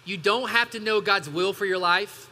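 The pastor's voice sits high, pushed and bright, at a normal speed as he preaches. He trades emphatic call-and-response asides with his congregation, and church hall reverb colors the sound.

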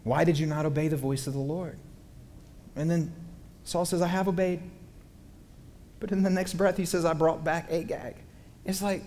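A man preaching a sermon in a folksy, animated way, wandering off into stories. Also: a little high, normal speed, pauses often. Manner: folksy, animated, digressive storytelling. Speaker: pastor. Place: church hall. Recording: long hall reverb, faint background noise.

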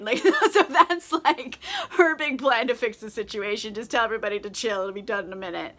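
A woman's voice: fairly high pitch, quick pace, sharp tone. A tipsy woman doing a casual book recap vlog, slangy and profane, leaning on "like" and laughing a lot. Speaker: book vlogger.

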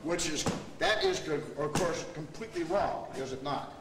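Coaching students and demonstrating techniques at a martial arts seminar, this man speaks at a normal speed with fairly high pitch. A camera mic picks him up from a distance in the training hall, giving a noisy, echoey recording.

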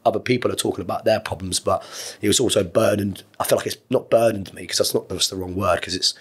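A man's voice: fairly low pitch, fairly even intonation, fast, slightly rough. A man, an ex-Marine in his thirties, talking openly and at length as a podcast guest, rambling and earnest with some swearing. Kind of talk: candid conversational interview.

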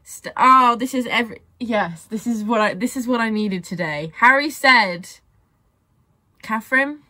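A young woman giving casual reaction commentary on a music video, gushing and excitable and swearing freely. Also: a little high, a little slow.

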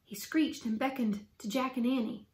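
Woman, higher voice, children's book read-aloud, clear, expressive storyteller. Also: moderate pace. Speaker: storyteller for students.

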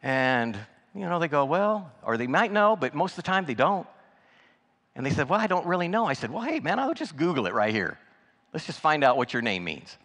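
A man's voice: a little high, very animated, fairly quick, a bit bright. A man preaching as a guest speaker, telling personal stories in a folksy, conversational way with frequent restarts. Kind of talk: sermon storytelling. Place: church sanctuary. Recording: reverberant church hall.

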